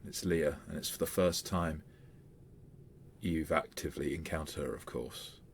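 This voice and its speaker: A man's voice: extremely low pitch, fairly even intonation, normal speed, gravelly, slight background noise. A man running a tabletop game as game master, talking things through with frequent fillers. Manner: hesitant, with fillers and restarts.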